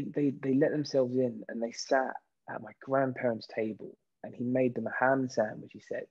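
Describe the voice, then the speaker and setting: A British man in his thirties, a guest actor in a casual interview, telling lively stories and acting out what people said. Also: mid-range voice, slightly rough, lo-fi sound. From Britain. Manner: lively storyteller who acts out quoted voices.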